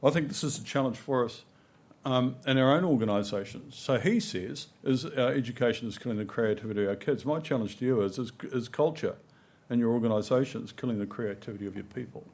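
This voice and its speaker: Middle-aged New man at a conference, easygoing storyteller, mid-pitched voice. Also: brisk, darkish tone. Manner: conversational, anecdotal, frequent "right?" and "you know". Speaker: conference speaker. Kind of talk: conference presentation. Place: conference hall.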